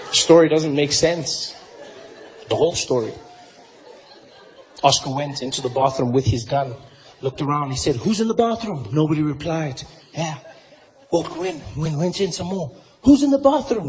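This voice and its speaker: A South African man doing stand-up comedy, telling a story in an incredulous, animated way on a large theater stage. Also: a little high. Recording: roomy venue with crowd noise. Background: audience laughter and noise.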